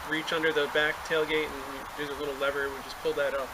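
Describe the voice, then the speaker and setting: Male guest, quick matter-of-fact talker, slightly high voice, recorded outdoors with noise. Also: flat delivery. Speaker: guest collector. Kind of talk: casual chat. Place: outdoors by a car.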